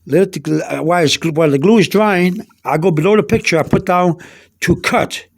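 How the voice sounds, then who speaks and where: A man with a notably high voice talks through a casual show-and-tell, narrating each small step as he goes. He sounds like he's at home indoors, filming on a phone held over his notebook. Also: fairly quick, gravelly. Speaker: self-taught language learner.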